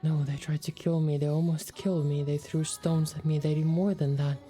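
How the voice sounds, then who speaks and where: Woman streamer voicing a battered, parched outcast. Low, very mellow, halting, and repeats herself. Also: little pitch movement, faint music behind, lightly acted. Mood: distraught, parched. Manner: halting, repetitive, distraught reading. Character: wounded, parched outcast haunted by an attack. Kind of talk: reading a visual novel aloud.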